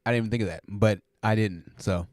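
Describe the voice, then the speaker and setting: A man's voice: fairly low pitch, fast talker, a little mellow, no room sound, clean studio sound. Joking, rambling man hosting a live stream. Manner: joking, rambling, laughs often. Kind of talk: casual live chat.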